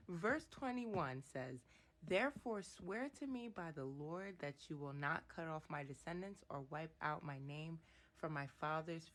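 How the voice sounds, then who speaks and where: A woman vlogger giving casual Bible commentary, reading verses aloud and reacting expressively to the story. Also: deep voice.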